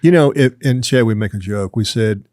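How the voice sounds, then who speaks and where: A man hosting a podcast, chatting in a relaxed, conversational way. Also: on the low side, moderate pace, no room sound, clean studio sound. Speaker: podcast host. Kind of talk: casual chat.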